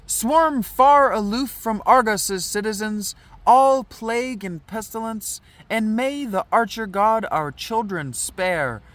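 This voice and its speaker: A man's voice: sits high, slow pace, hardly any pauses, fairly bright tone, dry recording, voice pushed up. A man reading aloud the lines of a chorus of young women praying for a city, declaiming with sing-song lifts. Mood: solemn. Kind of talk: dramatic reading of an old play.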